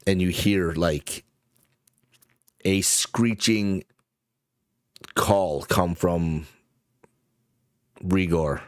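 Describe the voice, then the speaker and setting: Slow, deep-voiced man as game master. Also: dry recording, studio quality. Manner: halting, searching for words with many fillers. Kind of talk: narrating a tabletop game.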